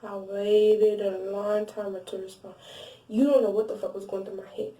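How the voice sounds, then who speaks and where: A young woman vlogger telling a casual storytime, animated and blunt, swearing freely and restarting her sentences. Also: mid-range voice, moderate pace, distant mic. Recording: roomy echo, voice set back from the mic.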